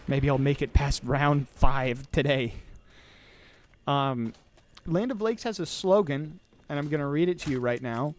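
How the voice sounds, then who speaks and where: A medium-pitched man in his twenties talks a little slowly over slight background noise. Hosting his podcast while gaming, he rambles in a casual, sarcastic, self-deprecating way.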